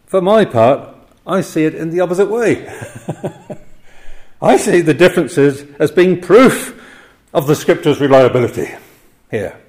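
A man's voice: on the high side, expressive, measured pace, long pauses. Chuckling older male preacher. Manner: warm chuckling asides, dramatic quoted cries. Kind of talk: expository sermon.

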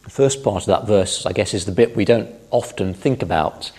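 A man preaching a Bible-teaching sermon in a calm, explanatory way, stressing key phrases. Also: fairly low pitch, normal speed.

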